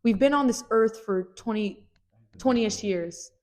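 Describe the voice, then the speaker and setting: A woman in her twenties hosting a podcast, talking earnestly and warmly with friends, full of "like" and "you know". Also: fairly high pitch, a little slow. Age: 20s. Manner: earnest, heartfelt, lots of "like". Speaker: podcast host. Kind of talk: casual chat.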